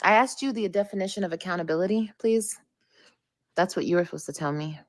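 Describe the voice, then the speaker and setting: A woman's voice: fairly low pitch, fast talker. A woman on a livestream, reading viewer comments and answering them defensively.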